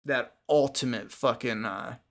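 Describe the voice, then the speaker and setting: A man's voice: mid-range voice, measured pace, vocal fry, fairly bright tone. A man hosting a podcast livestream, chatting casually with viewers, rambling with frequent restarts and casual swearing. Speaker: podcast host.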